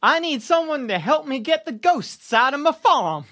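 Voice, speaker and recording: A man's voice: extremely high pitch, very animated, normal speed, bright, forceful tone, voice pushed up, exaggerated voice. A man voicing a blunt, eager male gnome farmer in a tabletop game.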